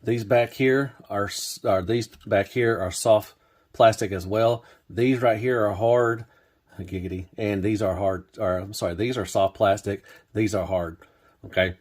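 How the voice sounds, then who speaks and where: A man's voice: fairly low pitch, steady tone, a little slow, darkish tone. A man casually reviewing a toy on his channel, rambling and laid-back, with lots of fillers and restarts.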